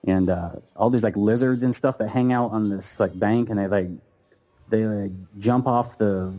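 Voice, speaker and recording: Mellow low-voiced laid-back man. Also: normal speed, soft background music. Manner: easygoing, says "dude" and "man". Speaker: podcast co-host. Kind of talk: casual podcast chat.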